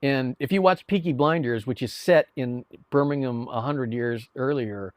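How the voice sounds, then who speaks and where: A man's voice: medium pitch, moderate pace, no room sound. A man chatting casually to viewers on a live stream, rambling, with many restarts and repeated words. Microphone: streaming mic.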